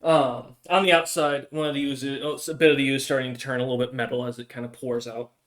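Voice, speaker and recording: A man's voice: medium pitch, little pitch movement, fast talker, fairly bright tone. A man narrating as game master of a tabletop game, rambling, with many fillers. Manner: rambling, hesitant, filler-heavy.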